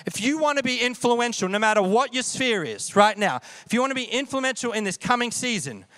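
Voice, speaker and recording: A man's voice: very high voice, lively intonation, brisk, bright, forceful tone, no echo. A man preaching a sermon in a conversational way, often checking in with the audience. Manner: conversational, asks the audience questions. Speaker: pastor.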